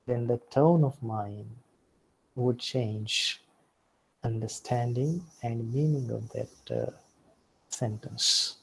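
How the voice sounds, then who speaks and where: Male pronunciation lecturer; gravelly, husky delivery, deliberate, repeats examples. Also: mid-range voice, darkish tone, low-quality recording. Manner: deliberate, repeating example words and starting points with "See".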